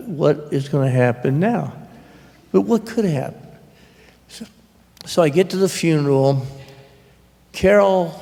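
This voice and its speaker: A gravelly man with a slightly high voice tells a rambling, earnest story in slow, unhurried speech. He often stops and restarts his sentences. A long hall echo trails behind his words. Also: darkish tone. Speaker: author at a public talk. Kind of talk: storytelling conversation. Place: public library event hall.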